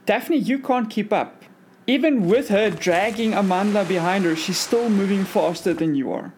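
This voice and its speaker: A woman narrating a tabletop game as game master in a steady, descriptive way. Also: medium pitch, normal speed, slight background noise.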